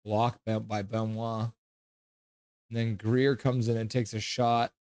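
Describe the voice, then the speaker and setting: A man hosting a live reaction stream, calling the hockey game play-by-play in a brisk manner, with bursts of loud cheering. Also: on the low side, little pitch movement, clean tone, dry recording, clean studio sound.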